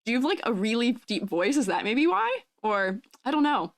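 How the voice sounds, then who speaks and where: A young adult woman VTuber streamer with a high, youthful-sounding voice, chatting with viewers in a bubbly, giggly way. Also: very animated, brisk, dry recording. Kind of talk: casual live-stream chat.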